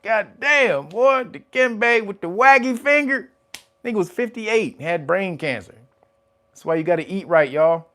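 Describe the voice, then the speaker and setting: A man hosting casual news commentary, animated and profane, breaking into laughter and loud exclamations. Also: high voice, a little slow. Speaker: host of a commentary channel.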